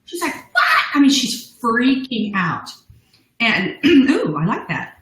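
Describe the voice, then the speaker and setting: A woman's voice: fairly high pitch, very animated, slow pace, a bit bright, roomy sound, rough recording. A middle-aged woman, a business founder, telling her story as a guest in a live interview, bubbly and laughing often. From United States.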